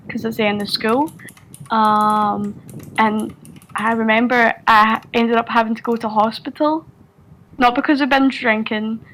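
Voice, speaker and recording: A woman with a strong Scottish accent talks through a voice-call mic, her voice sitting a little higher than most. She rambles in loose, casual chat, piling up fillers and restarts and swearing freely, with faint hiss behind her. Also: fairly bright tone, poor audio. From Scotland. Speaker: Discord server member.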